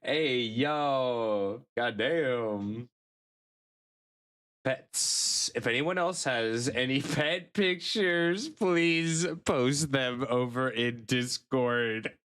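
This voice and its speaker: A man's voice: mid-range voice, drawn-out words, fairly bright tone, smooth. A man streaming live, chatting casually with his chat and cooing playfully over pet pictures in baby talk.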